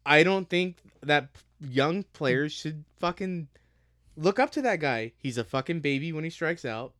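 A young American man co-hosts a podcast, ranting heatedly and swearing constantly in a casual, profane tirade. His somewhat high, slightly bright voice has lively intonation at a measured pace, and the recording is dry.

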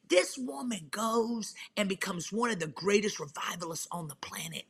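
A woman's voice: mid-range voice, normal speed, hardly any pauses, a bit bright, slightly rough. A woman pastor, a guest, sharing her testimony in a fervent, emphatic preaching style with folksy slang.

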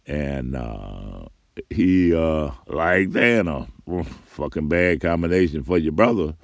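An older man with a very low, gravelly voice tells a loose, profane story from his past. He rambles with fillers and swearing, and the sound is dry and close. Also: expressive, slow, no echo. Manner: rambling, profane, laughs between phrases. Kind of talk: casual spoken memoir.

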